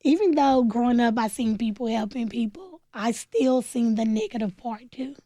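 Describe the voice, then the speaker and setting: As a radio interview guest, a woman who founded a nonprofit tells her own story at normal speed, acting out quoted voices in an animated, plainspoken style. Her voice is on the high side, and the recording is dry.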